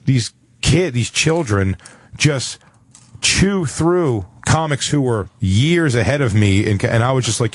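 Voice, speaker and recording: Animated, swearing male comedian. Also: medium pitch, slow, no room sound. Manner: animated, profane storytelling. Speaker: guest comedian. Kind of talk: casual podcast chat.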